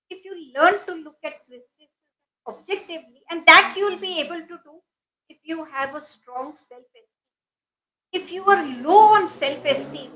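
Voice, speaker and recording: A middle-aged Indian woman speaks as an interview guest in a high, clear register. Her tone is bright and crisp. She lays out motivational ideas in a measured, explaining way, leaning on examples and quotes. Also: poor audio. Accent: Indian English. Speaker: guest speaker, life coach.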